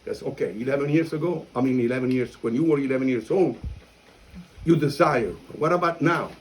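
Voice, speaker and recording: A man with an Italian accent, a priest telling a story in a lively, self-mocking way and acting out the dialogue. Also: mid-range voice, brisk, poor audio. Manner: animated, self-mocking storyteller who acts out quoted dialogue. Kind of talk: storytelling talk.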